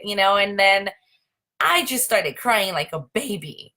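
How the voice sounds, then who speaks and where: A woman's voice: medium pitch, animated, a little slow, pushed and bright. A young woman hosting a casual live stream, chatty and full of "like" and "um". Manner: chatty, many fillers like "like" and "um". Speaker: host.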